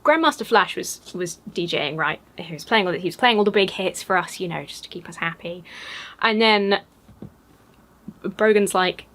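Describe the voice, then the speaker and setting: An English woman chatting in a casual vlog, gushing and excitable with lots of fillers. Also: on the low side, moderate pace. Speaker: YouTuber. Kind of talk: casual chat.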